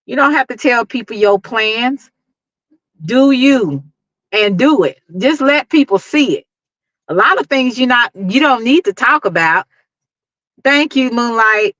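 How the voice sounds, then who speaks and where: A woman's voice: a little high, fairly bright tone, no echo, muffled recording. A middle-aged woman with a Dallas accent, giving an emphatic, preachy motivational talk to her livestream viewers and laughing often. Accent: Dallas, Texas. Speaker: YouTube livestream host.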